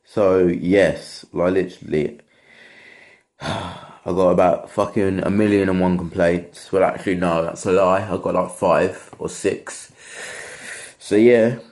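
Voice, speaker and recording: Brief: young man, low voice, vlog rant, sweary and rambling, exasperated. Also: fairly even intonation, slow, darkish tone. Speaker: vlogger. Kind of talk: casual rant to camera.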